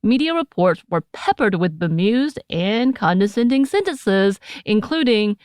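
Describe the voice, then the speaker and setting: A woman's voice: mid-range voice, animated, a little slow, few pauses, a little mellow, dry recording, clean studio sound. An American woman co-hosting a podcast, chatting casually with playful asides and frequent laughter. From United States. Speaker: podcast co-host.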